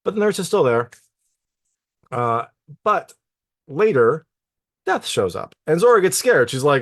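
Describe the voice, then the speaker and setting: A man's voice: on the high side, big pitch swings, a little slow, long pauses, a bit bright, no room sound. Chatty male film reviewer, dry sound. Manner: loose and chatty, peppered with "like" and "you know". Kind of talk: casual spoken plot recap.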